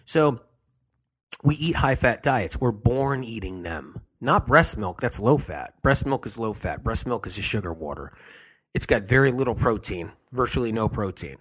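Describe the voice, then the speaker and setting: Husky-voiced man repeating his points. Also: lowish voice. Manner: emphatic, repeats key phrases over and over. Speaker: health show host. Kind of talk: emphatic health talk.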